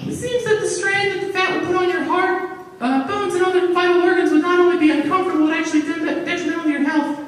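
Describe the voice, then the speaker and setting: A man putting on the voice of a curious, precocious little granddaughter, in a squeaky high child voice, heard from far off in an echoey hall. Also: fairly even intonation, fast talker.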